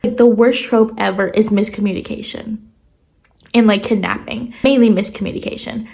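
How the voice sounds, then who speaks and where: A young woman chatting casually through a book review vlog, expressive and full of filler words. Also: medium pitch, normal speed, vocal fry. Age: young adult. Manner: chatty, expressive, lots of "like" fillers, animated emphasis. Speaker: book vlogger.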